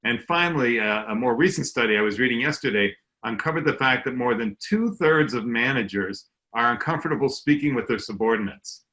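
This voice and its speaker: A man's voice: mid-range voice, animated, a little fast, few pauses, sharp tone. A man hosting a casual panel discussion over a video call, chatty and reading out statistics from his notes. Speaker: panel host.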